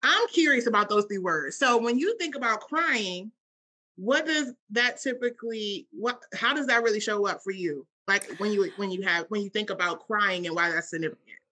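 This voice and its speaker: A woman's voice: mid-range voice, lively intonation, moderate pace, bright, forceful tone. A woman co-hosting a podcast as a coach, asking probing questions and reflecting answers back in a playful, casual way.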